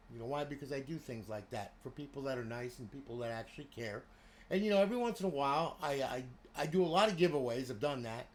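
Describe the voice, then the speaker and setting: A man's voice: a little high, a bit bright. A middle-aged man from New Jersey with a New Jersey accent, talking bluntly and rambling on a casual livestream while he shows off a console he modded and sells.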